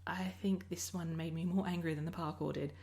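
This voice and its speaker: An Australian woman with a lowish, darkish, steady voice talks fairly quickly over her recorded Minecraft gameplay. Her let's-play commentary is casual and chatty, rambling along and often cutting herself off mid-sentence.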